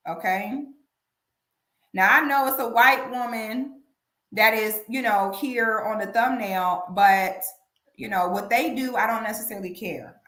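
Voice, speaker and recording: A woman hosting a casual commentary livestream, talking emphatically and often asking "okay?". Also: mid-range voice. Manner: animated, emphatic, repeats "okay?". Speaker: commentary channel host. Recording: echoey room.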